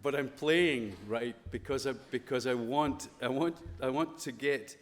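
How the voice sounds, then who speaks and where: A Scottish man speaks at a school chapel service, loose and playful rather than preachy. His pitch sits in an ordinary middle range for a man. The voice carries a long reverb from the chapel hall around him. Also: a little slow, a little hiss or hum. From Scotland. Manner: conversational, playful, full of rhetorical questions. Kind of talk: informal chapel talk to students.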